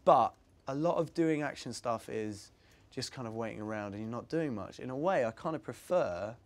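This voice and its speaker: A young English man talks in a loose, rambling way as an interview guest and laughs often. His voice sits at an ordinary middle pitch. It is a relaxed, unscripted chat. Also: moderate pace. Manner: chatty, rambling, laughs easily. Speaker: actor guest. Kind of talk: casual interview.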